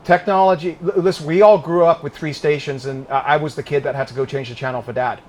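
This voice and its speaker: Man in his fifties, higher-pitched voice, easygoing speaker at a house gathering, faint noise in the background. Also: fairly even intonation, quick pace, a little mellow. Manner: conversational, repeats words when starting sentences. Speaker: speaker answering audience questions. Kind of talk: speech with audience Q&A. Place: living room of a private home with an audience.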